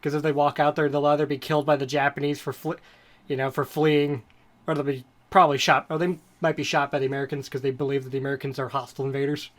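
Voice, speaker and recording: Speaking fast in a higher voice with little pitch movement, this podcast co-host drifts from subject to subject. His casual chat is rambling, digressive storytelling.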